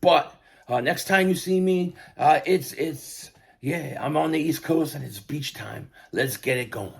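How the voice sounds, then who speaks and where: An older man giving an impassioned sports fan rant, repeating himself and building to shouts. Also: a little high, measured pace, gravelly, breathy edge. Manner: fervent, repetitive, rising to shouts. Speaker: sports vlogger.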